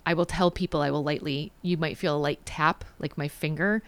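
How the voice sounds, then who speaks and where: Speaking a little fast in a deep, steady, clean voice with no room sound, this psychic and Reiki practitioner is a guest in a relaxed interview. She chattily describes her healing work, weaving in stories and acted-out quotes.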